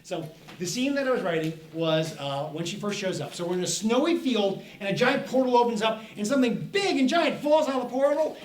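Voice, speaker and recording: A man's voice: high-pitched, animated, brisk, hardly any pauses. A middle-aged man, an author, giving a playful, storytelling presentation to children at a festival. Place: festival event room. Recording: echoey room, speaker far from mic, faint noise.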